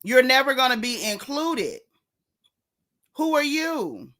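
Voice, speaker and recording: A woman hosts a gossip livestream in a sassy, drawling style, calling out to her viewers by name between points. Her voice is bright and a touch high for a woman. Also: sing-song, slow. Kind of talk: casual gossip commentary.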